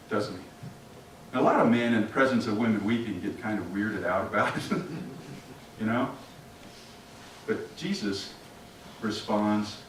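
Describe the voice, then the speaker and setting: A man's voice: on the low side, a little hiss or hum. A man preaching an interactive sermon, asking the congregation questions and acting out scenes. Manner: animated, asks the congregation questions and acts out scenes. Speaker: pastor. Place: church sanctuary. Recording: echoey church from a distant mic.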